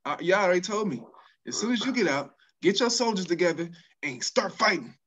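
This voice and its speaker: A man in a casual chat as co-host, easygoing, with hesitant restarts and quick affirming replies. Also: high voice, expressive, a bit bright, muffled recording.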